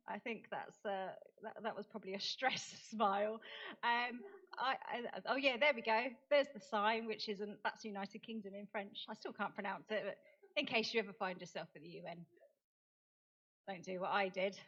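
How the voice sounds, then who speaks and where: A woman's voice: mid-range voice, a bit bright. A middle-aged woman from England, an autism campaigner, giving a chatty, self-deprecating talk at a forum with many fillers and restarts. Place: lecture hall. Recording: dull lo-fi recording.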